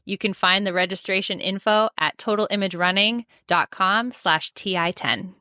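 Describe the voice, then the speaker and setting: Upbeat woman with a bright, clear voice. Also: medium pitch, normal speed, no echo, studio quality. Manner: upbeat, promotional. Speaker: podcast co-host and race director. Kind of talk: promo read and casual chat.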